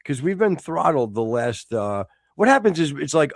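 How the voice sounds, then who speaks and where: A middle-aged American man hosts a casual live-stream chat, rambling and restarting his sentences, now and then flaring into mock-exasperated rants. His voice has a gravelly edge and swings widely in pitch. The recording is close and dry. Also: big pitch swings, moderate pace, no room sound. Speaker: podcast host.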